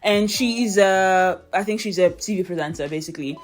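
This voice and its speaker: Young woman from nigeria, british accent, lowish voice, chatty, faint music behind. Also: brisk. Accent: British English. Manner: chatty, reflective, repeats words when starting. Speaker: vlogger. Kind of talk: casual chat to camera.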